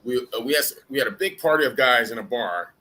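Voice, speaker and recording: A middle-aged man hosting a live chat and telling a casual, animated anecdote, with restarts and the odd curse word. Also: mid-range voice, quick pace. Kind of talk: casual storytelling.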